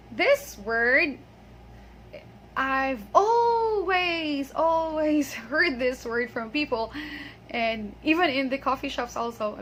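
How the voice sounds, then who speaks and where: This English pronunciation teacher has a high, somewhat bright voice and a Filipino accent, with slight background noise. Her casual video lesson is chatty, full of laughter and frequent "okay"s.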